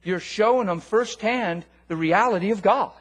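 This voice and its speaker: A man preaching a sermon in a church, animated, swinging from loud commands to low, quiet appeals. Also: moderate pace, husky. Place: church hall.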